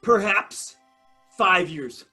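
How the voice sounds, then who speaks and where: High bright guy doing improv on a video call, kinda mock formal. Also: expressive, very slow, faint music behind. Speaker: improv player. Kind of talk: improvised comedy scene.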